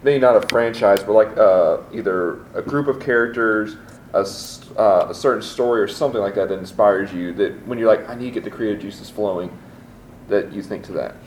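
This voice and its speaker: A man interviewing a guest, speaking casually in halting, rambling questions full of fillers. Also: fairly low pitch. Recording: echoey room with faint noise.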